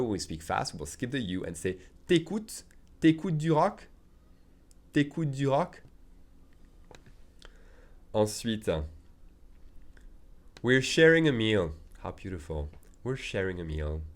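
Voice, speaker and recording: A man whose first language is French, teaching a video language lesson and patiently repeating phrases slowly for learners. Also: fairly low pitch.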